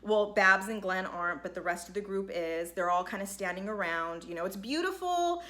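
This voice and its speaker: A woman's voice: medium pitch, lively intonation, moderate pace, sharp tone. A woman giving a chatty, casual recap of a reality show, peppered with "like" and "you know". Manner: chatty, lots of "like" and "you know", acts out quotes. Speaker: recap vlogger.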